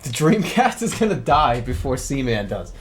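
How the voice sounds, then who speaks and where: A man's voice: mid-range voice, sing-song, normal speed, slight background noise. A man streaming a video game, joking and repeating himself as he talks back to it. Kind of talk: casual live-stream commentary.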